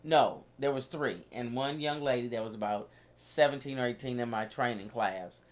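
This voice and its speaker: A woman on a radio show telling a long personal story in a casual, animated way, often laughing as she talks. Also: very deep voice, moderate pace.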